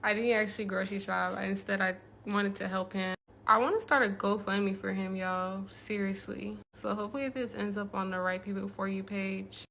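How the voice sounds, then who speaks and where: Her mid-range voice stays fairly even in intonation, moving at a moderate pace with vocal fry. She's a young woman doing a casual, emotional phone vlog on city streets, speaking directly to viewers from arm's length while loud traffic and street noise fill the background.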